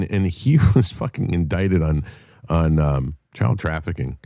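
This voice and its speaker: A man's voice: sits low, lively intonation, moderate pace, vocal fry, warm tone, no echo, clean studio sound. A middle-aged man hosting a podcast, telling a story in a heated, profane monologue. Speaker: podcast host. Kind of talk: casual monologue.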